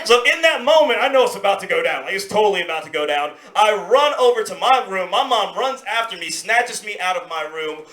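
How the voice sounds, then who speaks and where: A man's voice: high-pitched, brisk, hardly any pauses. A man doing stand-up comedy, telling a story and acting out its voices, with crowd laughter in a club. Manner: animated, acts out voices, laughs along with crowd. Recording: roomy club live recording. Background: audience laughter.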